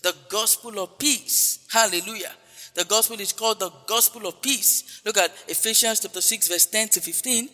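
A man's voice: sits high, normal speed, bright, forceful tone, big-room sound, soft background music. A male preacher giving a broadcast sermon, repeating phrases emphatically and dropping in frequent hallelujahs.

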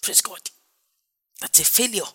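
A man's voice: measured pace, sharp tone. A man preaching a sermon as pastor, with an emphatic, repetitive cadence and frequent exclamations.

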